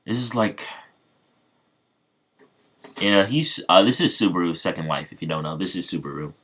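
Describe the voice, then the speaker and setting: A man's voice: deep voice, expressive, normal speed, long pauses, fairly bright tone. A man casually retelling an improvised fan story, rambling with many fillers and restarts.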